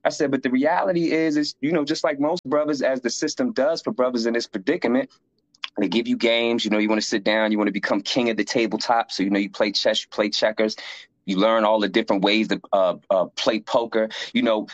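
A man telling stories in conversation as a guest, acting out the voices of the people he quotes. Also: no room sound. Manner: lively, acts out quoted voices higher. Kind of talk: conversational storytelling. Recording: dry, slightly dull lo-fi sound.

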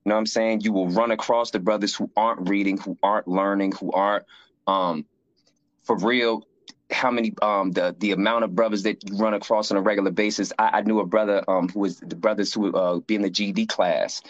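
A man's voice: fairly low pitch, fairly even intonation, brisk, no room sound, muffled recording. A man in casual conversation, telling stories animatedly, acting out quoted voices and using frequent fillers. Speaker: guest sharing life story.

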